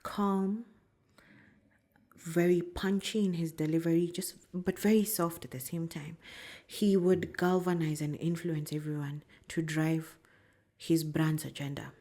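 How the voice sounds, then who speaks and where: Lively Kenyan woman telling stories. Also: deep voice, measured pace. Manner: animated, laughs often, switches into Swahili. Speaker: brand strategist guest. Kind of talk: casual storytelling interview.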